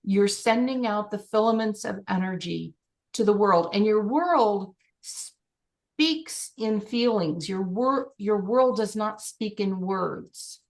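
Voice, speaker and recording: A middle-aged woman working as a life coach, guiding a client and acting out scenes with animated excitement. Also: medium pitch, slow pace.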